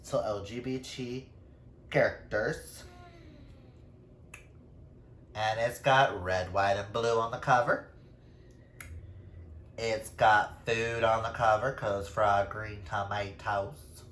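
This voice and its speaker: A man's voice: on the low side, steady tone, slow pace, a bit bright, slight background noise. A man chatting casually through a book wrap-up, self-deprecating, with playful asides. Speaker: book reviewer. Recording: roomy echo.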